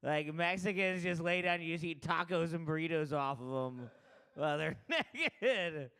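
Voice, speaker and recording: A man's voice: fairly high pitch, moderate pace, fairly bright tone, smooth. A man hosting a comedy open mic, joking loosely and chatting with the crowd between acts.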